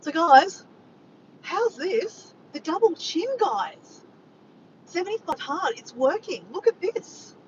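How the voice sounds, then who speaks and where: An Australian woman chatting casually and excitably to viewers on a live stream, recorded outdoors on a phone. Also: extremely high pitch, slow, highs cut off, background noise. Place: outdoors after a walk.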